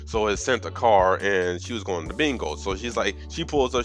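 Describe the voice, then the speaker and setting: A man with a lowish voice tells a film's story for laughs, cursing freely and in slang. He keeps jumping into quick put-on voices for the characters. Faint music plays underneath. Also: lively intonation. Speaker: movie recapper. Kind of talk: comedic movie recap.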